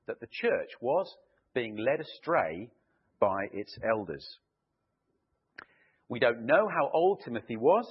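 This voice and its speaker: A man preaching a sermon and reading scripture, with an emphatic delivery that slows to stress key words. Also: mid-range voice, slightly rough, highs cut off.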